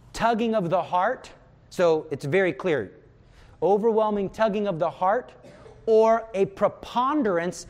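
A man's voice: high-pitched, a little mellow. A man giving a conversational retreat talk, acting out inner voices as he explains. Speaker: retreat speaker.

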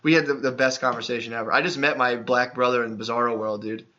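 A young man with a bright, forceful voice hosts a casual podcast. He rambles through his stories, swears freely and says "dude" in nearly every sentence. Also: medium pitch, steady tone, fast talker, highs cut off. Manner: profane, rambling storyteller who says "dude" constantly. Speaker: podcast host.

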